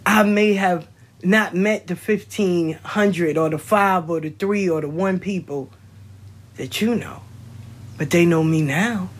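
A woman with a fairly low voice talks a little slowly on a casual livestream, speaking as a spiritual content creator. Blunt and full of profanity, she shares stories and lectures about honesty.

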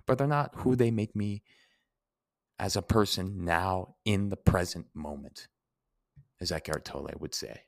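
A young man, hosting a Q&A and answering personal listener questions in an earnest, heartfelt way. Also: deep voice. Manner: earnest, heartfelt, explains word origins. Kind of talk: reflective Q&A monologue.

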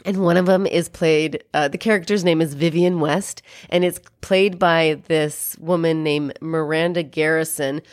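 A woman's voice: low voice, fairly even intonation, measured pace, hardly any pauses, dry recording, clean studio sound. A woman co-hosting a podcast, chatting casually and animatedly as she recaps a movie, swearing now and then. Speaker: podcast co-host.

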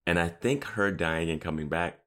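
A man co-hosting a podcast, relaxed and chatty, agreeing and chuckling as he recaps a TV episode. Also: sits low, normal speed. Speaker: podcast co-host. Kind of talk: casual chat recapping a TV episode.

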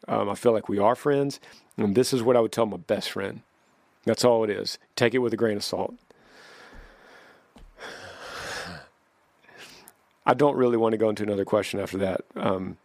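Man, podcast host, earnest advice, restarts sentences, lowish voice, dry sound. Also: a little mellow, no echo. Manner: heartfelt, repeats words, restarts sentences. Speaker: podcast host answering listener questions.

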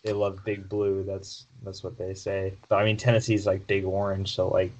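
A man's voice: deep voice, monotone, normal speed, darkish tone, low-quality recording. A man giving a casual, filler-heavy sports update as a podcast co-host. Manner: conversational, frequent fillers and restarts.

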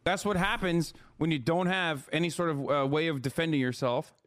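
A man talks fast and sarcastically on a live stream, with a slightly high voice and loose, profane phrasing. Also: a bit bright. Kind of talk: casual live-stream commentary.

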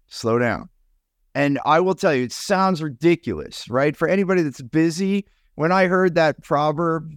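A middle-aged man co-hosting a casual podcast, telling stories in an earnest, animated way. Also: medium pitch, no room sound, studio quality. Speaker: podcast co-host.

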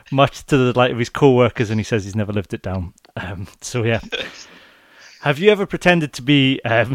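A man's voice: mid-range voice, dry recording. Scottish guy hosting a podcast, chatty, lots of ums, dry close sound. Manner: chatty, many ums, reads out listener messages. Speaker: podcast host. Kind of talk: casual podcast chat.

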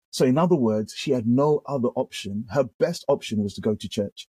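A British man, a pastor, sharing his testimony in conversation, animated and full of quick restarts. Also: medium pitch, husky, no room sound. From United Kingdom. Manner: animated storyteller with frequent restarts. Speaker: pastor, guest.

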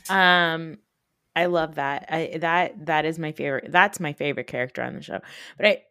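A woman in her thirties with a New Jersey accent, hosting a podcast in animated, casual chat full of fillers and swearing. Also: deep voice, normal speed, smooth, no echo, studio quality. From North Jersey, USA. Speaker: podcast host.

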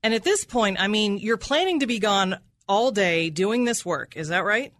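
A woman's voice: mid-range voice, animated, normal speed, a bit bright, a little hiss or hum. A woman prosecutor cross-examining a witness in an aggressive, accusatory manner, repeating his answers back and ending with "right?".

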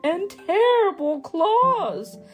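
A woman voicing a small, brave, clever mouse in a storybook, bright and confident. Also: extremely high pitch, very animated, very slow, faint music behind, voice pushed up, full character voice. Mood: boastful.

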